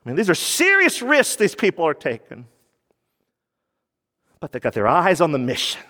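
Pastor, male, emphatic sermon delivery with a slightly high voice, recorded in a reverberant hall. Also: huge pitch swings, moderate pace, pushed and bright. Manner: emphatic preaching, drops low for key points, rises when quoting.

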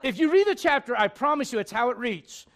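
A male pastor preaching a sermon, animated and humorous, with laughing asides and acted-out quotes. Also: very high-pitched, brisk, gravelly.

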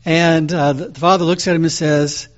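Man preaching a calm, conversational sermon. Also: on the high side, normal speed, lo-fi sound. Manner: calm, conversational storytelling with frequent fillers. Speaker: pastor.

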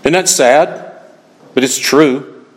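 A man preaching a sermon, swinging between loud emphatic lines and hushed asides. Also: a little high, slow pace, long reverb tail.

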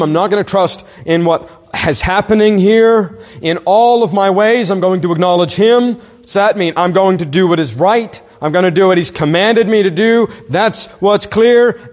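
A man preaching a sermon, earnest and emphatic, asking pointed questions and slowing down to stress key words. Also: high-pitched, in a large hall. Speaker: pastor.

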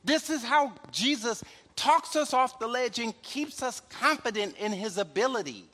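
A male pastor with an extremely high pitch preaches at a normal speed, keeping things easygoing with "right?" asides and little chuckles. Long reverb from the church hall surrounds his voice.

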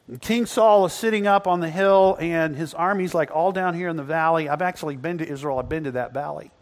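A man preaching a sermon to a congregation, telling Bible stories in an animated way that swings from loud, excited passages to hushed, quiet ones. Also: high-pitched, big-room sound. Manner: animated storytelling, acting out biblical characters, swings between loud and hushed. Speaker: pastor. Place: church building before a congregation.

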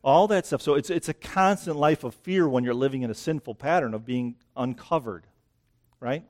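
A man's voice: medium pitch, normal speed, darkish tone. A man preaching a sermon outdoors, a little out of breath, in a conversational way that keeps checking in with the listeners. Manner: conversational, keeps asking "right?". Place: outdoors near dense greenery.

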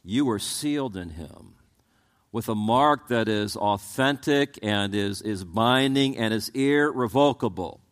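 A man's voice: fairly low pitch, expressive, a little slow. A man preaching a sermon as pastor, asking the congregation rhetorical questions and often stumbling over repeated words as he restarts his sentences.

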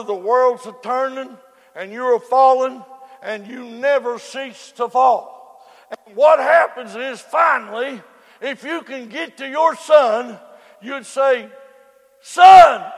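A man preaching a hellfire sermon, dropping to hushed murmurs and then breaking into fervent shouts. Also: very high-pitched. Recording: long reverb of a large hall.

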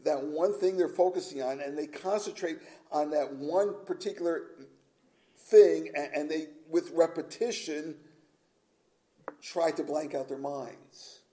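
In a rough recording, a male pastor with a fairly high, warm voice delivers an earnest sermon. He stresses each point through repeated phrases and slows down when reading scripture aloud.

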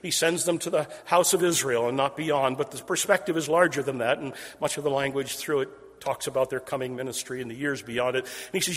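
A man preaching an expository sermon. He builds phrases in rhythmic repeated series and swings from loud emphasis to a hushed near-whisper. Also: mid-range voice, fairly even intonation, fairly quick, few pauses. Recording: long hall reverb.

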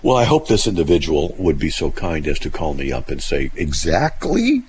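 A man's voice: extremely low pitch, moderate pace, a little hiss or hum, low-quality recording. A man hosting a call-in radio show, reading hate mail aloud and answering it bluntly. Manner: blunt, animated, laughs at what he reads.

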